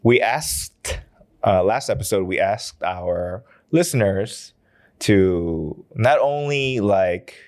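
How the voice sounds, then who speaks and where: A man's voice: fairly low pitch, expressive, slow. An American man co-hosting a casual podcast, loose and profane, with a lot of filler words. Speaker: podcast co-host.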